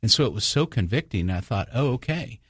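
A man with a somewhat low, husky voice shares stories in a casual faith conversation. He restarts sentences often and lifts his voice when quoting others. The sound is dry and close. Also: animated, quick pace, fairly bright tone, no echo. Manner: storytelling, many restarts, acts out quoted voices.

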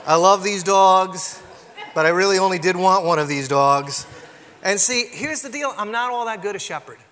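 A man's voice: sits high, moderate pace, fairly bright tone, a little hiss or hum. A middle-aged man preaching a sermon, telling self-deprecating stories in a conversational way, often tossing in "right?" to the congregation. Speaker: pastor. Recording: long hall reverb.

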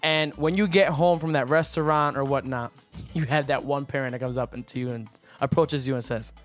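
A man co-hosting a casual podcast chat, relaxed and laughing easily. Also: medium pitch, a little fast, soft background music. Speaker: podcast co-host.

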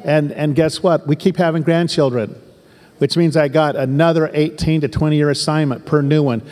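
An older man in his sixties, from southern Oregon, preaches as a pastor in an emphatic, folksy way, driving points home through repetition. His voice sits a little high for a man. The sound carries a long echo from a church hall. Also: fairly even intonation, moderate pace, darkish tone. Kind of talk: sermon.

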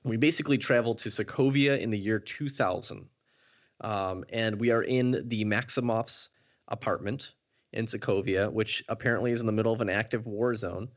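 A man with a low voice co-hosts a podcast. He recaps a show step by step, casual and methodical with plenty of fillers. His audio sounds dull and muffled. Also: normal speed. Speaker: podcast co-host. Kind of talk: casual chat, recapping an episode.

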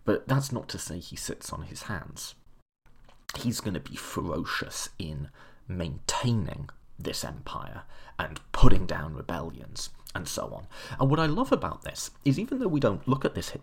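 Low gravelly man explaining history. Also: huge pitch swings, normal speed. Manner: chatty and enthusiastic, with fillers and self-corrections. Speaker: history presenter. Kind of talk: casual lecture-style explanation.

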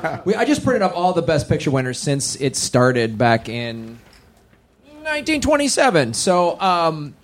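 A man's voice: fairly high pitch, big pitch swings. A man hosting a live comedy podcast on stage, playful and teasing, riffing with his guests. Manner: playful, teasing, quick to riff. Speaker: podcast host. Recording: live club crowd and noise.

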